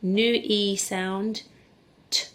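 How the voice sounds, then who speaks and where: A woman teaching a phonics lesson to camera, slowly sounding out letters and blending words in an encouraging way. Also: mid-range voice, level tone, fairly bright tone. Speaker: primary school teacher. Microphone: camera in front of her.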